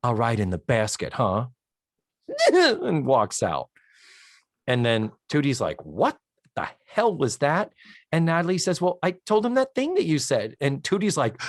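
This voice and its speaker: Podcast co-host, male: lively, swinging pitch, acts out scenes, dry close mic. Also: unhurried, no echo. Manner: animated storytelling, acts out lines from the episode; swears for comic effect. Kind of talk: casual recap chat.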